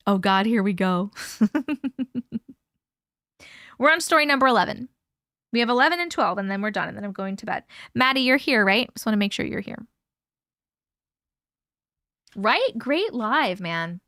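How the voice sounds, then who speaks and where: Bright chatty young woman streaming live. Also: a little high, expressive, normal speed, no echo, clean studio sound. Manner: chatty, swears freely, laughs often, many "like" fillers. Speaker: livestream host. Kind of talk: casual live chat reading viewer comments.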